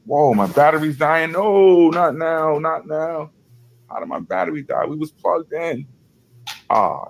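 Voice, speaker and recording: Man, channel host, low voice, unhurried, casual commentary, reads aloud, rambling asides. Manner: loose, conversational, apologetic asides, some swearing.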